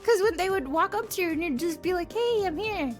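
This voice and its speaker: A high-pitched young woman streams and tells stories in a casual, animated way. She laughs constantly through her words and swears freely. Soft music plays low behind her. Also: fast talker. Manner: animated, giggly storytelling with frequent swearing. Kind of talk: casual chat.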